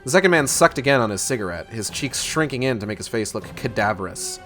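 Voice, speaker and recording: A man reading a novel aloud on a livestream, casual and pausing to correct his own misreads. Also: medium pitch, expressive, fairly bright tone, faint music behind. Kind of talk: book club reading on a livestream.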